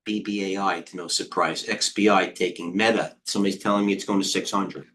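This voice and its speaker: A middle-aged man hosting a live trading stream, giving casual market commentary in a rambling way, with quick asides, restarts and talking to himself. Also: deep voice, steady tone, a bit bright. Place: indoor room with a heater on.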